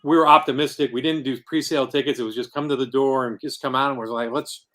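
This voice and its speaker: Fast and fairly bright, this man's steady mid-range voice carries his earnest, rambling account of founding a comic convention. He's a guest in a casual podcast interview.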